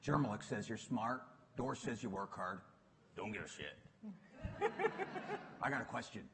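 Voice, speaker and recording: Guy putting on a low gruff old coach voice, curt and blunt, quieter and grumbly. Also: normal speed, slight background noise. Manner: curt, growled, clipped questions. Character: blunt gruff older male executive coach. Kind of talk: impression within a told story.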